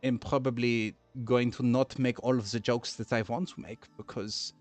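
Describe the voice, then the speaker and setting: A man voicing a bored Frenchman in a flat, monotone put-on French accent. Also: medium pitch, moderate pace, faint music behind, pitched below the performer's own voice, lightly acted.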